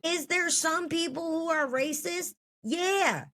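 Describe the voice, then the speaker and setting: A woman's voice: sits high, animated, takes it slowly, a bit bright. A woman in her thirties telling a story from her own life in a blunt, heated, profane way. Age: 30s.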